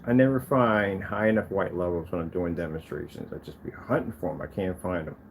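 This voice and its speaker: A man testing and showing off his own projector screens, talking casually to the camera and to himself, proud and quick to defend his product. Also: low-pitched, a little hiss or hum. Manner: animated, talks to himself as he browses.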